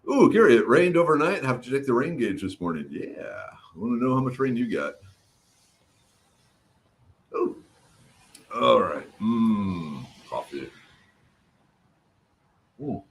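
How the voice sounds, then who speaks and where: A middle-aged man hosting a casual livestream, greeting viewers by name and chatting while his throat recovers. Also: mid-range voice. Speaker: livestream host. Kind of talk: casual livestream chat reading comments.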